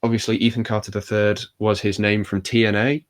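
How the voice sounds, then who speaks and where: A man's voice: fairly low pitch, little pitch movement, a little fast, no echo. A young man hosting a casual podcast, talking in a rambling, wry way full of fillers. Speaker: podcast host. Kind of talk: casual chat about wrestling.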